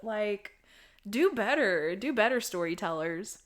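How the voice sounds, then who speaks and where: A young woman hosting a podcast, recapping a horror movie in a casual, animated, swearing style. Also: mid-range voice, measured pace. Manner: animated, profane storytelling. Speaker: podcast host.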